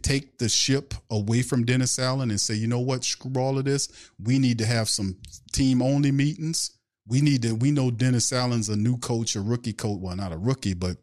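A man's voice: medium pitch, fairly even intonation, normal speed, a little mellow. A man hosting a sports fan podcast, ranting in casual commentary with a stream of rhetorical questions and reading out viewer questions. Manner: takes viewer questions from chat.

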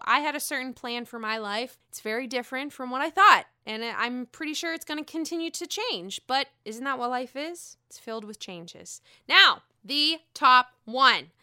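A woman's voice: sits high, sharp tone, clear, resonant tone. A woman casually recapping a reality show, gossiping, swearing freely and often laughing.

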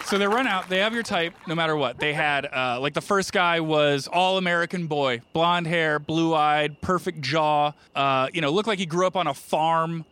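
A man's voice: fairly high pitch, moderate pace, hardly any pauses, slight background noise. A middle-aged man from New Jersey doing a stand-up routine on a comedy club stage, telling self-mocking stories with playful asides to the crowd. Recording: live stage mic with audible room ambience.

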